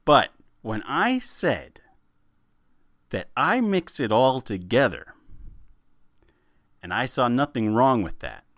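A man co-hosting a podcast in casual chat, animated and laughing, often repeating words as he starts a sentence. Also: medium pitch, takes it slowly, pauses often, no echo, clean studio sound. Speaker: podcast co-host.

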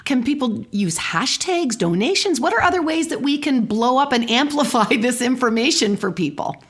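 A woman's voice: sits high, lively intonation, normal speed, breathy edge. A woman interviewing a singer, admiring, often restarting her words. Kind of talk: interview questions.

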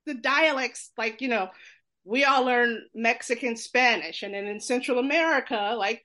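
Woman, from New York, rapid storyteller, slightly high voice, acts out voices, laughs often. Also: a bit bright. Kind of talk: casual storytelling talk.

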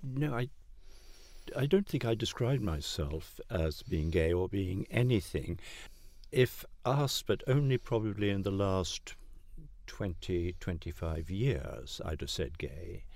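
A man's voice: deep voice, lively intonation, slow pace, a little mellow, dry recording. An older man in an interview, thinking aloud hesitantly. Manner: hesitant, thoughtful. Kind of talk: reflective interview.

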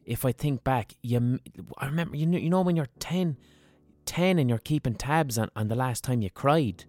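A man's voice: mid-range voice, normal speed, a little mellow, dry recording, soft background music. A man hosting a podcast, telling stories in a frank, rambling monologue with plenty of swearing and restarted sentences. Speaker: podcast host. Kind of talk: candid monologue.

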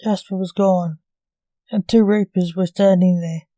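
A woman narrating a sci-fi storybook in a steady, even reading. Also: fairly low pitch, measured pace, dry recording.

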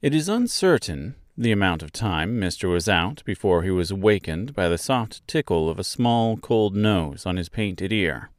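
A man narrating a chapter of a novel in a measured, expressive reading. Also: low voice, no room sound, studio quality. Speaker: audiobook narrator. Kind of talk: storybook narration.

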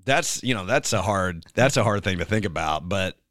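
A man's voice: low-pitched, lively intonation, moderate pace, a bit bright, no echo, studio quality. A man who is a worship pastor, chatting casually and rambling with lots of fillers. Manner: rambling, filler-heavy, breaks into singing snippets. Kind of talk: casual chat.

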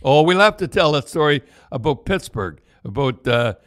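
A man's voice: fairly high pitch, big pitch swings, normal speed, no room sound, studio quality. An older man, a former hockey player, reminisces casually in a rambling way full of false starts.

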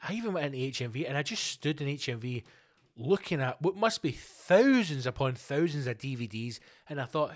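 A middle-aged Scottish man hosting a podcast, ranting alone in a sweary, animated, storytelling way. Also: mid-range voice, fairly quick. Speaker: podcast host. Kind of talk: casual solo rant.

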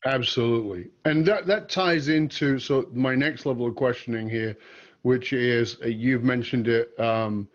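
A man's voice: medium pitch, unhurried. Middle-aged man, muffled sound. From Australia. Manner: relaxed, anecdotal, slightly hesitant with fillers. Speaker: host. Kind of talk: conversational interview, storytelling. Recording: dull lo-fi audio.

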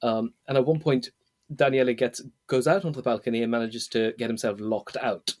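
Host, casual book chat, hesitant, laughs a lot, mid-pitched voice. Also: male voice, steady tone, fairly quick, darkish tone. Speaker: podcast host.

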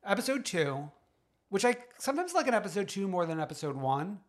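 A man's voice: sits high, very animated, brisk. Giggly gossiping podcast co-host man. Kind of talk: casual chat.

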